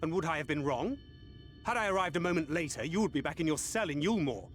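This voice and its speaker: A man's voice: on the high side, lively intonation, fast talker, a bit bright, faint music behind. A man voicing a stern, protective warrior in a video game, speaking in a clipped, scolding way.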